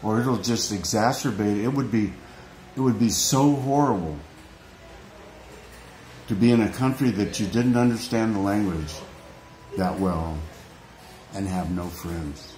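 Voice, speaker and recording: A man's voice: lowish voice, a little slow, pauses often, darkish tone. A man vlogging off the cuff, earnest and rambling, often restarting and repeating his phrases. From United States. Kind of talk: emotional unscripted vlog rant. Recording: echoey room, faint background noise.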